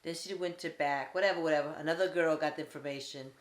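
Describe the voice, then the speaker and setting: A woman's voice: low voice, fairly even intonation, fast. A woman casually retelling a restaurant mix-up in a blunt, matter-of-fact way. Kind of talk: casual storytelling. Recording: echoey room.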